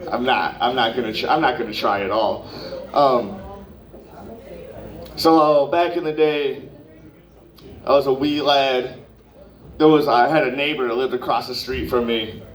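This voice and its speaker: A man's voice: mid-range voice, fairly even intonation, a little slow, pauses often. Young man, stand-up comic, open mic, rambling profane storytelling, distant mic. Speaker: stand-up comedian. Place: comedy club open mic. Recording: roomy, distant live club recording.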